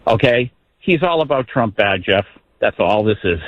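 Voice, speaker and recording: A man's voice: on the low side, expressive, moderate pace. Indignant male caller on a phone line. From South Carolina. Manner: agreeing, indignant, repeating catchphrases. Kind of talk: call-in talk radio.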